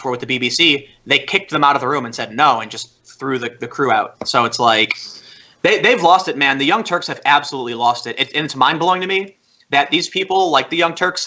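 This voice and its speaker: A young man who is a podcast guest, telling a story in casual chat. He talks in an animated way, with many fillers and restarts. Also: mid-range voice.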